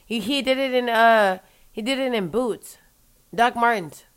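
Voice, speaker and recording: A woman joins in to retell a story. She speaks emphatically, swears often and leans on the word literally. Her voice is fairly high, smooth and clear. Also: unhurried. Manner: emphatic, profane, repeats "literally". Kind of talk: casual storytelling chat.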